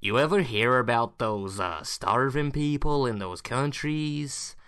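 A man voicing a blustering American yokel in an exaggerated mock Southern American accent, drawn out and halting. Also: medium pitch, a bit bright, clean tone, close to an everyday voice. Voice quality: slow exaggerated drawl with hesitations.

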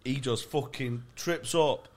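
A young man co-hosting a comedy podcast, telling stories in casual chat with lots of swearing and laughter. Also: mid-range voice. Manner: sweary and laughing, rapid bursts. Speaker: podcast co-host. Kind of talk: casual chat, comic storytelling.

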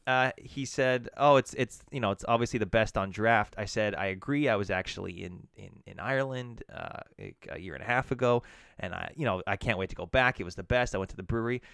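Profane storytelling man, smooth voice. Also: fairly low pitch, fairly quick, no room sound, studio quality. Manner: profane, animated storytelling with frequent restarts. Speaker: podcast co-host, bartender. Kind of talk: casual chat.

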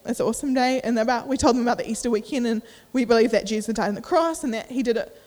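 A woman's voice: a little high, very fast, a little mellow, long reverb tail. A young adult woman giving a sermon. She tells a personal story casually and with feeling, with many fillers. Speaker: preacher.

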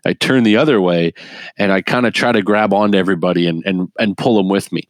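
A middle-aged man speaking as an interview guest, telling his story in an earnest, animated way with frequent laughs and restarts. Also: low-pitched, quick pace, no room sound. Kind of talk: earnest conversational testimony.

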